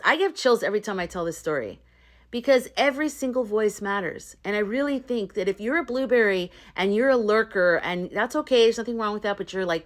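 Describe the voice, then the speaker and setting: Casting note: woman vlogger, mid pitch, casual storyteller turning earnest and urging. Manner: chatty, loose storytelling with fillers and restarts. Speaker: spiritual vlogger. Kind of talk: casual retelling and pep talk to viewers.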